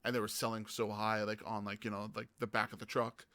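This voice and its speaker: A man hosting a gaming podcast, telling stories in a casual, animated way and acting out the people he quotes. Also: on the low side, quick pace, no echo. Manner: animated, acts out quoted voices. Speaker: podcast host. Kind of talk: casual storytelling chat.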